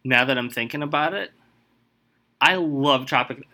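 A man on a comedy podcast running a movie quiz game, talking in an animated way with exasperated outbursts. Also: mid-range voice, normal speed.

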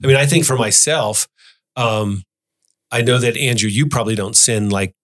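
A man hosting a faith podcast, talking through Bible passages in an earnest way and reading verses aloud slowly. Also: mid-range voice, a bit bright. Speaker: podcast host. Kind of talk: Bible study discussion.

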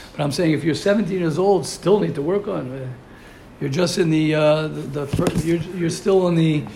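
A man's voice: a little high, vocal fry, darkish tone, slight background noise. A man teaching a Torah class, asking rhetorical questions and mixing in Hebrew and Yiddish terms. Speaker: yeshiva teacher.

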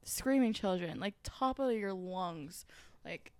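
A woman's voice: medium pitch, expressive, slow, no room sound. A young woman co-hosting a podcast, chatting in a bubbly, giggly way. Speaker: podcast co-host. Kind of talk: casual chat.

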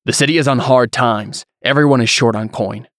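Brief: proud, short-tempered blacksmith, read by a man, plain mid pitch, dry mic. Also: brisk, a bit bright, dry recording, close to an everyday voice. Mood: defensive. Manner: curt and defensive, barely holding his temper. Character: tense, proud middle-aged blacksmith.

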